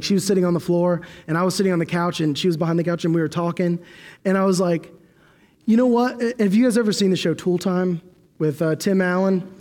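A young man with a high, slightly mellow voice preaches a sermon in a church hall, and the recording has a long hall reverb. His delivery is loose and conversational, full of fillers and restarts.

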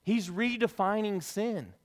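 A man preaching a sermon as pastor, in a lively, conversational way with casual asides, in a church sanctuary. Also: high-pitched, unhurried. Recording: long reverb of a large hall.

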